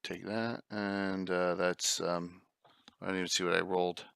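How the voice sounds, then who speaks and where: Low, bright-toned male player. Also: level tone, a little slow, vocal fry, clean tone, dry recording. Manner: hesitant, thinking aloud. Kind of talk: casual game chat.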